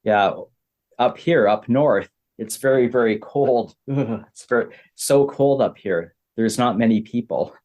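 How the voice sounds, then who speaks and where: A Canadian man teaching beginner English, repeating simple phrases with many pauses. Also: mid-range voice, a little mellow. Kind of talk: slow, simple explaining for beginner learners.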